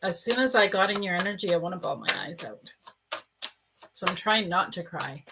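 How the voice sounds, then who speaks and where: A woman's voice: lowish voice, lively intonation, normal speed, very noisy. A middle-aged woman psychic reading for viewers on a live stream, soothing and calling them dear and love. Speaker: psychic reader.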